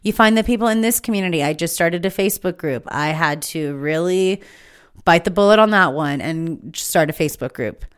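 A woman's voice: fairly low pitch, normal speed, clean tone. A woman hosting her own podcast, giving an impassioned, emphatic spiritual monologue that is full of swearing. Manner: fired-up, emphatic, swears freely. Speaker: podcast host.

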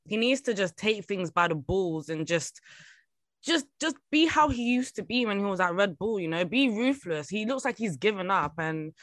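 A woman's voice: medium pitch, animated, normal speed, fairly bright tone, no echo. A woman journalist guesting on a podcast, giving frank, emphatic opinions in casual chat.

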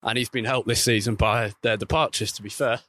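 A man reporting on football while walking outdoors, chatting casually and correcting himself as he goes. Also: brisk. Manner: chatty, self-correcting, lively pitch swings. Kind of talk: walking vlog commentary. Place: outdoors by a street.

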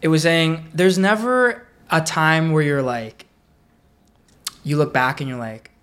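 A man's voice: on the high side, a little slow, a bit bright. A man co-hosting a podcast in casual chat, handing out advice in an earnest, laid-back way. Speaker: podcast co-host.

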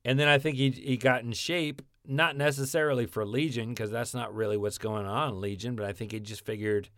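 A man in a relaxed podcast chat about actors and TV shows, rambling and animated with lots of restarts. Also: mid-range voice, a little fast, no room sound, clean studio sound.

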